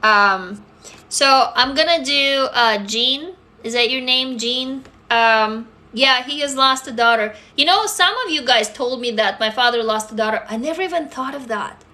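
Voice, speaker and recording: A woman's voice: fairly high pitch, unhurried, pushed and bright. A woman, talking bluntly and emphatically to viewers on a livestream, swearing freely. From Russia. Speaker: livestream host answering viewers. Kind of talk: casual livestream chat.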